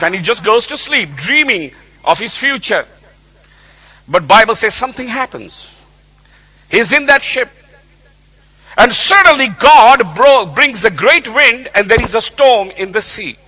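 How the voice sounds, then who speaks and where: A man's voice: extremely high pitch, sharp tone. A man preaching a sermon, emphatic and repeating his key points.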